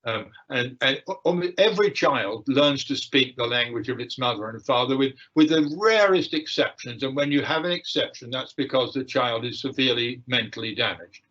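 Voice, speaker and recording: An older man giving a lecture and answering questions, with frequent fillers, pauses and restarts. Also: mid-range voice, expressive, a bit bright. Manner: hesitant, many fillers and restarts. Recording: dull lo-fi livestream audio.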